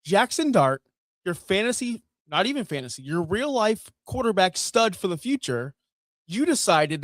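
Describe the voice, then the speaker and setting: A man hosting a fantasy football show, ranting with sarcasm and profanity, jumping between loud outbursts and low muttering. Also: sing-song, normal speed, no echo. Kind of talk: ranting sports commentary.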